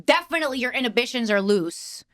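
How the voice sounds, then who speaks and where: A woman's voice: a little high, expressive, fast talker. A woman hosting a podcast, chatty and playful, explaining things like a teacher. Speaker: podcast host. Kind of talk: casual podcast chat.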